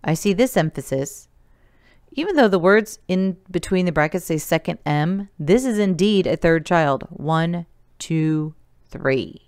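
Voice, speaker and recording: Lady teacher doing a recorded web design class, slow and patient, smooth clear voice, dry close mic. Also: fairly low pitch, expressive, darkish tone, no room sound. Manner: patient, step-by-step explaining, counting aloud. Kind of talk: recorded remote coding lesson.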